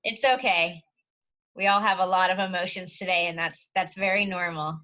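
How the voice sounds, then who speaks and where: A woman's voice: fairly low pitch, fairly even intonation, normal speed, sharp tone, highs cut off. A woman teacher hosting a graduation on a video call, friendly and encouraging with light jokes. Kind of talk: casual chat.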